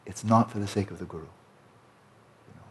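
Speaking at normal speed in a lowish, somewhat bright voice, this American man delivers a dharma talk to people on retreat. His tone is conversational and emphatic, and he repeatedly tags his points with "right?".

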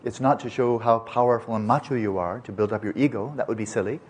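A man's voice: lowish voice, steady tone, fast, husky. An older man giving an unscripted meditation talk, digressive and playful, often restarting his words. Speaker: meditation teacher. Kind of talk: unscripted dharma teaching.

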